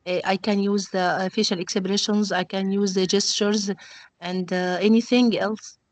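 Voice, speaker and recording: A woman's voice: medium pitch, fairly even intonation, normal speed, no room sound. A female student answering in class, hesitant and full of fillers.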